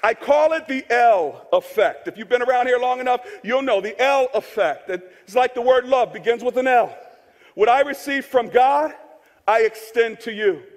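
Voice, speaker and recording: A man's voice: very high-pitched, expressive, normal speed, some chatter behind. A male pastor preaching a sermon in a conversational, joking way, repeating key phrases for emphasis. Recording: long reverb of a large hall.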